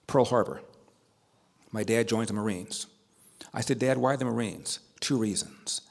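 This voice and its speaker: A man's voice: lowish voice, unhurried, gravelly. An older man giving a storytelling speech at a banquet, building emphasis through repetition. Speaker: speaker at a banquet.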